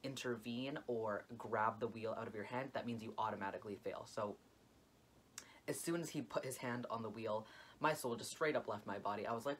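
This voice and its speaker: A man's voice: medium pitch, a little fast. Young guy dramatically telling a storytime, lots of "like", faint background hum. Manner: dramatic, expressive retelling full of "like". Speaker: vlogger. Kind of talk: storytime vlog.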